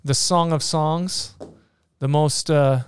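Smooth-voiced man retelling Bible stories. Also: a little high, takes it slowly, no room sound, studio quality. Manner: animated, frequent fillers and restarts, playful asides.

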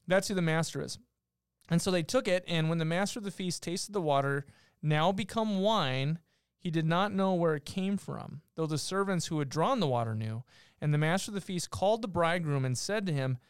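A man's voice: a little high, expressive, a little fast, smooth, no room sound, clean studio sound. A man on a podcast explaining a Bible passage in a casual teaching way, reading verses aloud and stopping often to restart his sentences. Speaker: podcast co-host teaching scripture.

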